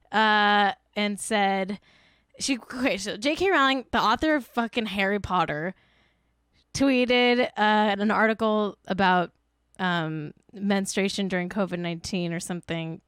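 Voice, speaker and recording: A young woman hosts a casual commentary show and rants in a blunt, exasperated way, swearing freely. Her voice sits at an ordinary middle pitch for a woman. The recording is dry and close, with almost no room sound. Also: clear, resonant tone, no echo. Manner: blunt, profane, exasperated ranting. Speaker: podcast host.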